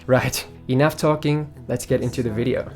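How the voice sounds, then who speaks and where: A young man talks to his viewers in a chatty, joking way, reading out their comments and answering each one. His voice sits at an average pitch for a man, and soft guitar music plays quietly underneath. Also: fairly even intonation, moderate pace. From Germany. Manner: chatty, upbeat, jokey, reads out comments. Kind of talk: casual Q&A vlog. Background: faint guitar music.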